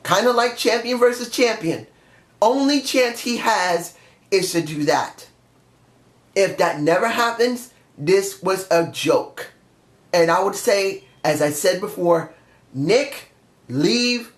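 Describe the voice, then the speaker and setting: A man's voice: high voice, fairly bright tone. A man giving a blunt, rambling wrestling review in a casual vlog, swearing now and then. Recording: roomy echo.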